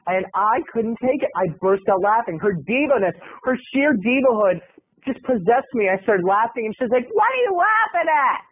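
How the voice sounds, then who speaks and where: A man's voice: high voice, moderate pace, breathy edge. A man telling a comic story to camera as a video blogger, in a dramatic, gossipy, mock-outraged way. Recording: tinny lo-fi phone-like audio.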